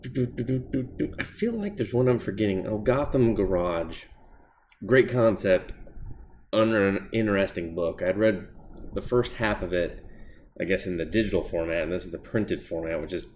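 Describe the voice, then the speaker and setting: A man's voice: sits low, lively intonation, moderate pace, a little mellow, a little hiss or hum. A man hosting a podcast, casually reviewing comic books in a blunt, sarcastic, sweary way. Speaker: podcast host. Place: home desk.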